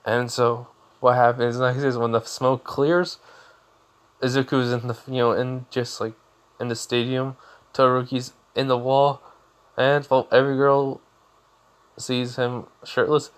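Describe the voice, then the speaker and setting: Young man, improvised storyteller, rambling, filler-heavy, mid-pitched voice. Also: little pitch movement, measured pace. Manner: rambling, many fillers and restarts. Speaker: fan fiction storyteller.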